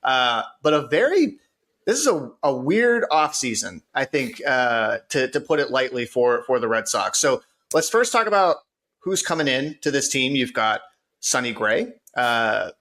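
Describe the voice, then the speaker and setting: Bright-voiced chatty podcast host man. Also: mid-range voice, very animated, measured pace. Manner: chatty, reads sponsor spots, frequent fillers. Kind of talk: casual sports podcast chat. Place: studio.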